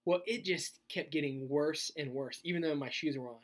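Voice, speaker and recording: A man's voice: on the high side, moderate pace. Conversational youth pastor man telling a story. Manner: conversational, animated, laughs while telling stories. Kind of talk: sermon video with personal storytelling.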